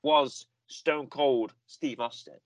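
A man co-hosting a wrestling review show, telling stories in a rambling, animated way with lots of repetition. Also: mid-range voice, slow, no room sound. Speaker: podcast co-host. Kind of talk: casual chat.

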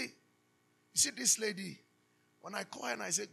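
A man preaching a sermon as pastor, animated, asking the congregation to finish his sentences. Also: high-pitched, a little slow, creaky, long pauses, slightly rough. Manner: animated preaching with call-and-response questions.

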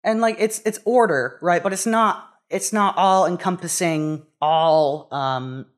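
A young American adult speaks at medium pitch and an unhurried pace in casual conversation. The speech is hesitant, full of restarts and fillers.

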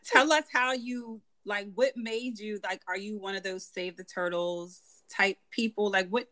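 A woman co-hosting a casual podcast, relaxed and conversational, using plenty of fillers. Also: medium pitch, a little slow. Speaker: podcast co-host.

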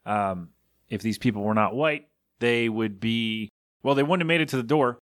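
A man's voice: medium pitch, normal speed, fairly bright tone, no room sound, clean studio sound. A man hosting his own podcast, talking casually in a rambling, sarcastic and exasperated way. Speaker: podcast host. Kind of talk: casual solo podcast monologue.

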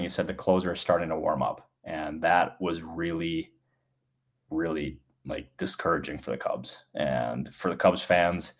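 Deep-voiced male baseball insider. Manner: conversational, hedging with "like" and "um". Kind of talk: casual podcast analysis.

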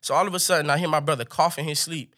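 Brief: male comic storyteller, high, bright and animated. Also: rapid-fire. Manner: animated, swings into high excited pitch for punchlines.

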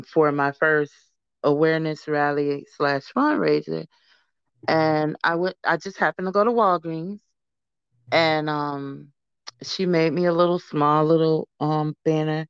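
A woman's voice: low voice, clean tone, no echo, dull audio. A woman guest in a casual interview, speaking earnestly and acting out other people's voices as she tells her story. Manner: earnest, animated, acts out quoted voices. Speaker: guest, founder of a support program.

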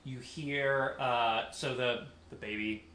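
A man's voice: medium pitch, fairly even intonation, slow, sharp tone. A man narrating as game master of a tabletop game, hesitant, with frequent ums and uhs. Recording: echoey room, distant mic, faint noise.

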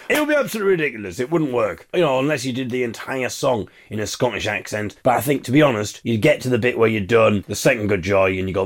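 A man hosting a podcast delivers a comic monologue in a tone of exasperated, wry ranting. His voice sits in a middling pitch. It swings widely as he argues his point. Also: expressive, quick pace, few pauses. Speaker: podcast host.

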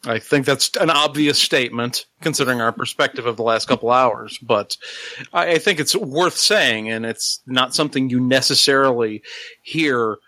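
Middle-aged guy cohosting a podcast, chatty, bright tone, mic kinda dry. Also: mid-range voice, moderate pace, no room sound. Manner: wraps up the show and reads out contact details. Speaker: podcast co-host. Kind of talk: casual podcast chat.

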